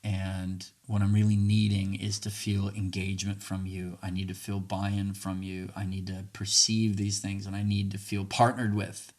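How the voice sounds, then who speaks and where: A man's voice: deep voice, monotone, moderate pace, hardly any pauses, a little mellow. A man hosting a podcast, earnestly teaching communication tools and acting out sample dialogue. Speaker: podcast host. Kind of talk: casual teaching monologue.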